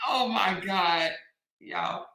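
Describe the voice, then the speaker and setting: A woman's voice: medium pitch, drawn-out words, gravelly. A woman hosting a casual livestream chat, reading viewer comments and laughing often. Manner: animated, laughs often, drawling exclamations. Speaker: talk show host. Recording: echoey room.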